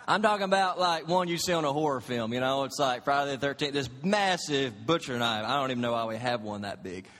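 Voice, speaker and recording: A man, around his thirties, preaching a sermon as pastor in a church, telling stories and moving between hushed moments and loud, emphatic ones. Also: mid-range voice, brisk, few pauses, in a large hall. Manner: storytelling preacher, swings from quiet to loud. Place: church sanctuary.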